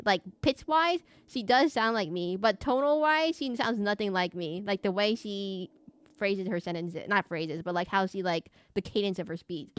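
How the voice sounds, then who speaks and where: A young woman streaming a horror game, chatting fast and rambling with a slight lisp, often correcting herself mid-sentence. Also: mid-range voice, a bit bright, clear, resonant tone, no room sound. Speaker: VTuber streamer. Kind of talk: casual live-stream chat while gaming.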